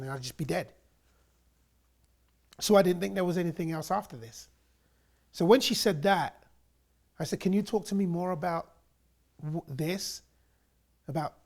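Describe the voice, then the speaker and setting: An Englishman recounts his personal faith story with lively animation, acting out what other people said. His voice is high and gravelly.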